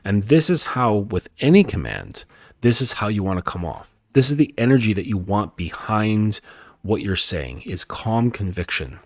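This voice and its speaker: A male dating coach giving a calm, emphatic coaching talk, repeating his points and often checking in with "okay?". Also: on the low side, moderate pace, no room sound, studio quality. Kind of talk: lecture-style coaching talk.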